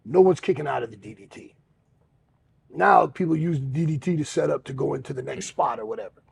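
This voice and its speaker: A man co-hosting a podcast, talking frankly and profanely with a self-mocking streak. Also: fairly high pitch. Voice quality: gravelly. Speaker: podcast co-host. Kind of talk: candid podcast chat.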